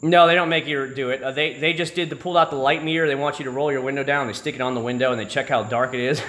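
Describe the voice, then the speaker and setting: A man from Florida hosts a casual livestream, spinning long stories with a bright, forceful edge to his voice. He is chatty and profane, with exasperated asides, and his pitch sits in a middle range for a man. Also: fairly even intonation, fast talker. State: married. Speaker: YouTube channel host.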